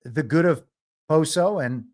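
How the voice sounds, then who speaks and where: A man's voice: a little high, unhurried, darkish tone. Wry, argumentative male political streamer. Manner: wry, argumentative, laughs at own jokes. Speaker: political commentary host. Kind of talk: live solo commentary stream.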